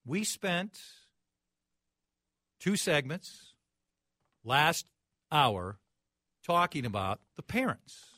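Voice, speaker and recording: Mocking, high-voiced sports radio host. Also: male voice, big pitch swings, very slow, long pauses, pushed and bright, no room sound, studio quality. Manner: mocking, incredulous rants. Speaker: radio talk show host. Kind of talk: sports talk radio commentary.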